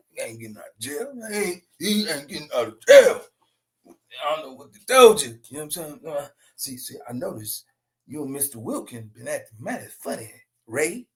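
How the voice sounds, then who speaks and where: A young man hosting a rowdy reaction commentary show, shouting, laughing and dropping to mutters. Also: sits high. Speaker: YouTube commentary host. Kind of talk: loud animated reaction commentary.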